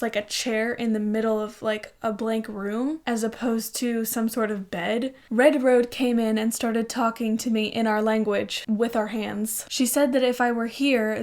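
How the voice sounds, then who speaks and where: A young woman in her twenties reading her childhood diary aloud, breaking in with wry, laughing asides. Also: fairly high pitch. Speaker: author and vlogger.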